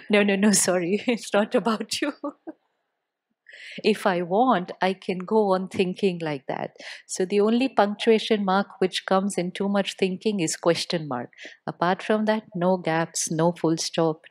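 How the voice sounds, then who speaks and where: A woman giving a spiritual talk to a live audience, speaking with deliberate pauses and putting questions to the listeners. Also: medium pitch, a little mellow.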